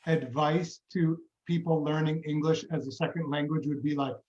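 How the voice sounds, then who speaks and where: Man, co-host, slightly high voice, roomy and dull recording. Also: fairly even intonation, normal speed, darkish tone. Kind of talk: casual chat. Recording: echoey, dull-sounding room.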